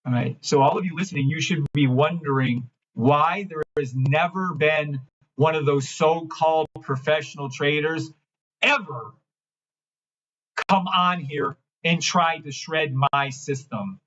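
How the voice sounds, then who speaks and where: A man hosting a trading livestream, ranting in a brash, mocking, profane way and swinging between loud outbursts and low mumbling. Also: measured pace, lo-fi sound. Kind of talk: live-stream rant and chart reading.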